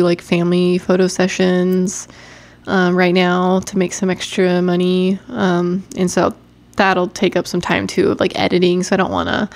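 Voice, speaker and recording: A young woman with a stuffed-up nose, chatting loosely on a podcast. Her voice sits a little low and carries a gravelly fry. She rambles, restarts her sentences and laughs a lot. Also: darkish tone. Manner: rambling, self-interrupting, laughs often. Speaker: podcast co-host. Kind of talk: casual chat.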